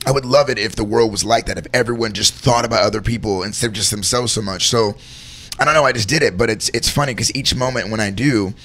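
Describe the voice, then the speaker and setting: Earnest guy rambling thru a heartfelt story, bright voice, says man a lot. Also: mid-range voice. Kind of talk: candid storytelling in conversation.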